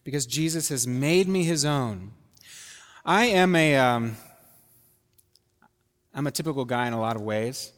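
A pastor preaching in an easy, conversational way, with a voice of ordinary middle pitch. He puts questions to the congregation and plays out little dialogues. A long hall reverb trails after his words. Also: expressive, a little slow, long pauses. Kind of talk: sermon.

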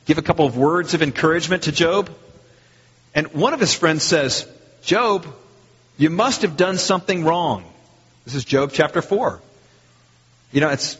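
Husky preacher in a reverberant hall. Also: male voice, a little high. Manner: conversational, animated, acts out quoted lines. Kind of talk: sermon. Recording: muffled, lo-fi, long hall reverb.

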